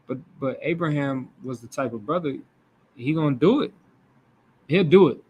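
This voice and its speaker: A young adult man teaching a Bible class in a casual, animated way, acting out the voices he quotes. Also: medium pitch, moderate pace, husky, dull audio.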